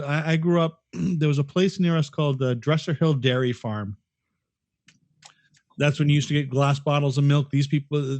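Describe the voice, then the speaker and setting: A man's voice: fairly high pitch, darkish tone, no room sound. A middle-aged man co-hosting a podcast, chatting casually and reminiscing in a rambling, profane way. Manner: profane, rambling, restarts often. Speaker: podcast co-host. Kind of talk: casual chat.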